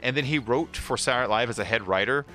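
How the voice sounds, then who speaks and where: A man's voice: mid-range voice, fast, sharp tone, faint music behind. A man chatting casually while playing a game, rambling and trailing off into fillers. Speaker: gaming channel host.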